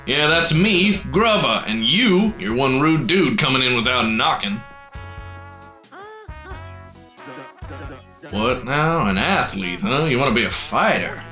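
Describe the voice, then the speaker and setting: A man's voice: mid-range voice, lively intonation, very slow, fairly bright tone, soft background music. A man voicing a boisterous, folksy old male fighting-club boss in a game, with a drawling country twang.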